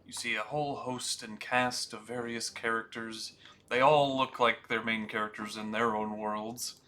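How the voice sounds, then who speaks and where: A man's voice: mid-range voice, steady tone, moderate pace, sharp tone. A young man acting as game master, narrating a tabletop game in a laid-back, self-deprecating way.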